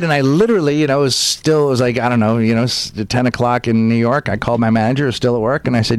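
A man's voice: mid-range voice, fast, no room sound. A man, a stand-up comedian, telling stories animatedly as a guest in a casual interview, acting out quotes in different voices.

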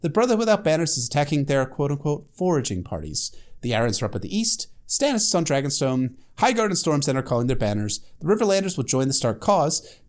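Lively, sarcastic man recapping a book. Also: on the high side, fast talker. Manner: lively, sarcastic, profane asides. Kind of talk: casual chapter recap with commentary.

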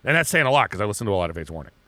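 A man co-hosting a podcast in loose, crude banter, restarting his sentences again and again. His voice is bright and forceful and swings widely in pitch. The sound is dry and close to the mic. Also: sing-song, very fast, dry recording. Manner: rambling, crude joking, frequent restarts. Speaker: podcast co-host. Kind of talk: casual chat.

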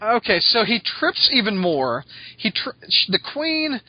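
A sarcastic man in his own podcast, riffing through a comic book plot page by page. His voice sits high for a man. The sound is dry and a little dull, close and without room. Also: sing-song, measured pace, no room sound. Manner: sarcastic, rambling, laughs often. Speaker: podcast host. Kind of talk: casual comic book review chat.

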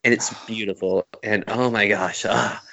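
Lower-voiced male co-host, eager fan recapping a favorite scene in casual chat. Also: normal speed, vocal fry. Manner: enthusiastic, animated storytelling. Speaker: podcast co-host.

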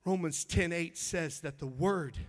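High-voiced fervent male preacher. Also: unhurried. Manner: fervent, swings from loud exclaiming to soft near-whisper; repeats words and restarts when moved. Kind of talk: sermon.

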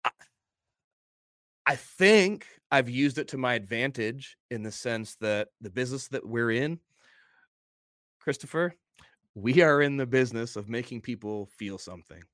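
A man's voice: medium pitch, expressive, measured pace, long pauses, a bit bright, dry recording, clean studio sound. A middle-aged man, a wrestler guest in a casual interview, telling stories in an open, earnest way.

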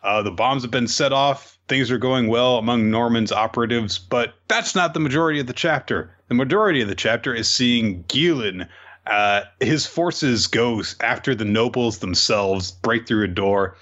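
A man's voice: medium pitch, moderate pace, a bit bright. A man casually recapping manga chapters on a podcast, laid-back with dry summaries and filler words. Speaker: podcast co-host. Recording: dull lo-fi sound.

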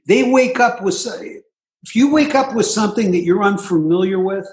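A man's voice: high-pitched, moderate pace, slight background noise. A man casually telling his recovery story, with wry, self-mocking humor and frequent asides. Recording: echoey room.

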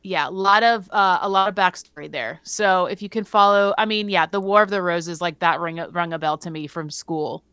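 A woman co-hosting a casual chat, reading facts aloud with filler words and quick self-corrections. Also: on the low side, sharp tone, clear, resonant tone, dry recording. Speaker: podcast co-host.

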